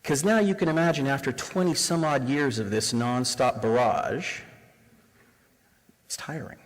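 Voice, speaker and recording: In a reverberant room, a Canadian man in his forties leads a live diversity workshop, speaking a little slowly at medium pitch. He keeps the audience engaged by posing rhetorical questions.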